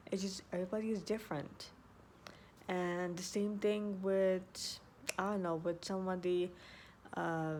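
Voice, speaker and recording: A woman's voice: mid-range voice, a little mellow, slight background noise. A woman talking casually and earnestly to her viewers, often repeating herself and restarting sentences as she gives advice. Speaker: vlogger. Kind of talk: casual advice talk to camera.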